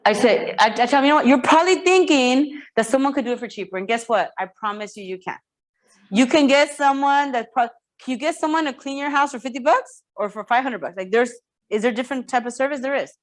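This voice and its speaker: A woman coaching real estate agents in a lively training talk, often repeating herself and checking that the room follows. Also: fairly high pitch, brisk. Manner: energetic, repeats words, asks the room for checks.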